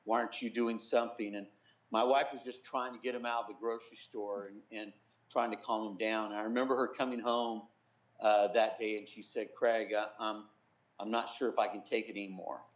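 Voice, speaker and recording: A middle-aged man, a pastor, giving an earnest personal testimony in an interview, softly quoting others as he tells it. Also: on the low side, flat delivery, a little fast, reverberant, low-quality recording. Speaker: pastor and guest.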